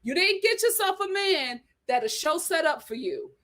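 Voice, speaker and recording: Animated, high-pitched woman reviewing reality TV. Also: normal speed. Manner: sassy, dramatic, laughs a lot. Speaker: reality TV review show host. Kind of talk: animated live review chat.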